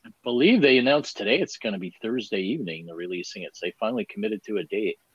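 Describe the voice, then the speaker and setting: Deep-voiced man talking football, muffled. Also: animated, breathy edge, no echo. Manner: brisk, analytical, asks rhetorical questions. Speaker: co-host. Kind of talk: casual sports talk. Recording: dry, muffled lo-fi audio.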